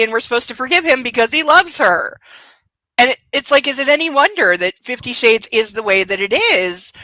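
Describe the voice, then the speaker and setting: A woman's voice: fairly high pitch, bright, forceful tone, no echo, rough recording. Sarcastic woman ranting about a book. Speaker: book club host.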